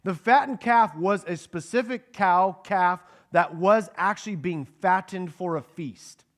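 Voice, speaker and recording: A man's voice: high-pitched, measured pace. A man preaching a sermon to a congregation in a conversational way, asking them questions and acting out the lines of the people in the passage. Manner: acts out the characters' quoted lines. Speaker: pastor teaching a Bible passage.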